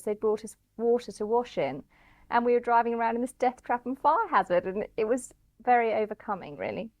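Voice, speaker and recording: A woman tells her rally story in an animated, anecdotal way. Her voice sits a little high and sounds dry, with little room around it. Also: no echo. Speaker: rally participant. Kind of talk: storytelling interview.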